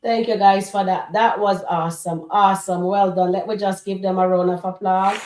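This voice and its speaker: A woman's voice: medium pitch, steady tone, normal speed, darkish tone, echoey room. A woman hosting a live reaction stream, chatting casually and speaking straight to her viewers. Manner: chatty, addresses the chat directly.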